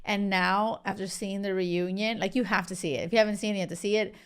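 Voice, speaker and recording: Animated woman gushing in a vlog. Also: medium pitch, fast talker, smooth. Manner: animated and emphatic, lots of filler words. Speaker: vlogger. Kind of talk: casual reality TV recap.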